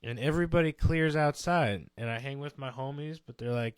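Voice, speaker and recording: A young man casually telling a long story on a podcast, animated and swearing, acting out quotes in other voices. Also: medium pitch, brisk, few pauses, clean tone, dry recording.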